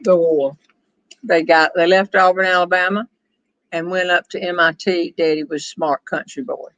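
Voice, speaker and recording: An older woman, chatting and storytelling on a back porch, wry and quick to laugh. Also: on the low side, steady tone, a bit bright, dry recording, poor audio. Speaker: storyteller host reading viewer questions. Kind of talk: casual chat with a friend.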